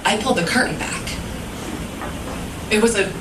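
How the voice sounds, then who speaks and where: A woman's voice: medium pitch, animated, moderate pace. A young woman telling an earnest, emotional personal story on a stage, heard from a distance. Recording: roomy live recording from far off, audible noise.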